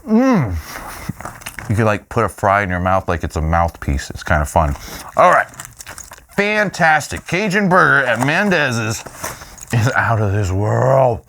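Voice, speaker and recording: A man tastes dishes on camera and reacts with playful, excitable enthusiasm. His voice is animated and lively, swinging widely in pitch, and he hums with delight between bites. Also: measured pace, gravelly, pauses often, a little hiss or hum. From Louisiana, US. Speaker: food show host. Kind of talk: food tasting vlog.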